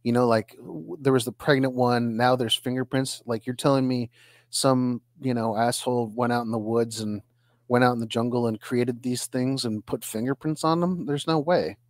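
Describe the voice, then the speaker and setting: A man co-hosting a casual podcast, reacting quickly with animated, jokey remarks. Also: mid-range voice, dry recording, studio quality. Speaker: podcast co-host.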